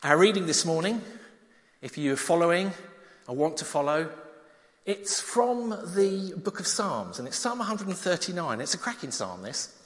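A man preaching, telling a story with props and then reading a psalm, animated and at times dropping soft. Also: high-pitched, moderate pace. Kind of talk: children's talk and Bible reading. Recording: long hall reverb.

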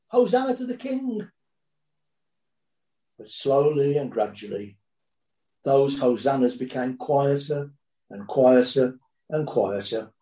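Slow, dramatic male preacher. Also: fairly high pitch, mellow, reverberant, poor audio. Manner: dramatic storytelling, building and dropping intensity. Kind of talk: sermon.

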